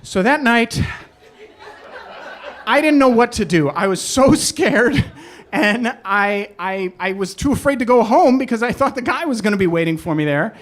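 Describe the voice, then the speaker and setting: A man telling a personal story live on a club stage, animated and self-deprecating. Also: high voice, moderate pace. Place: club stage in New York.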